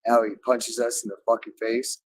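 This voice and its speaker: A man's voice: medium pitch, little pitch movement, normal speed, slight background noise, rough recording. Repetitive, profane man in a monologue. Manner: repetitive, loops phrases over and over; profane, with frequent swearing. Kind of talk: rambling spoken monologue.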